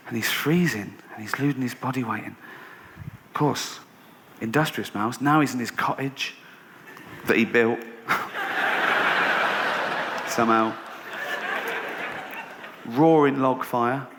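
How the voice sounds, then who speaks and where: An English man performing a stand-up comedy routine on a theatre stage, telling stories deadpan and then ranting in disbelief. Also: mid-range voice. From England. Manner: storytelling, deadpan then rising to incredulous rants. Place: theatre stage with a laughing audience. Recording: noisy live venue recording.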